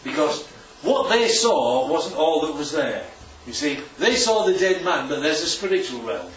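A man preaches casually to his congregation in a church hall, using slides and repeatedly asking "right?" and "isn't that lovely?" He speaks on the high side in a sing-song, fairly bright voice at a moderate pace. Slight background noise sits in a roomy, distant, dull church recording.

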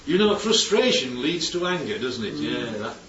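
A man's voice: mid-range voice, very animated, moderate pace, fairly bright tone. A man preaching in a chatty, conversational way, his voice rising and falling widely as he keeps asking the congregation rhetorical questions. He sits far from the mic in an echoey church hall, and the sound is somewhat dull with faint background noise. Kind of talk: conversational sermon.

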